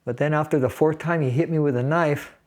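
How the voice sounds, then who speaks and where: This man's voice sits on the high side, brisk and steady with a darkish tone. He's a sixty-something Navy veteran from the San Fernando Valley in California, casually recounting a personal story in an interview and chuckling through the grim parts.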